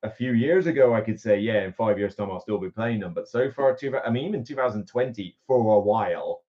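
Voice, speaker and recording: A man's voice: lowish voice, fairly quick, mellow. A man with a West Country accent, chatting casually and laughing often on a board game live stream. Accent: West Country English. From West Country, England. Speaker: board game reviewer, guest. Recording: dull lo-fi stream audio.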